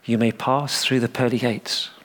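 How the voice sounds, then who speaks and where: A dry, matter-of-fact gatekeeper of heaven, unimpressed and plain-spoken, as a preacher tells the joke. The voice stays close to a normal man's speaking voice, only a little lower. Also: steady tone, normal speed, a bit bright, natural voice. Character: dry, unimpressed Saint Peter at heaven's gate.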